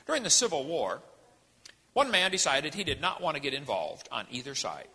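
A man delivers a sermon-style talk in a somewhat high, husky voice that swings widely in pitch. He is folksy and emphatic, slipping in jokes. The sound rings out with the long reverb of a large hall. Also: big pitch swings, moderate pace, pushed and bright. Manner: folksy, emphatic, jokey preaching. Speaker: creationist speaker.

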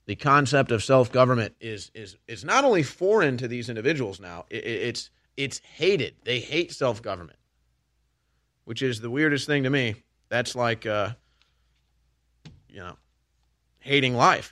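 A man pours out a heated monologue as a commentary host, his tone bright and pushing. The sound is dry and close to the mic. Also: medium pitch, expressive, measured pace, pauses often, dry recording. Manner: heated, ranting, addresses listeners as folks and man. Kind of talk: impassioned political monologue.

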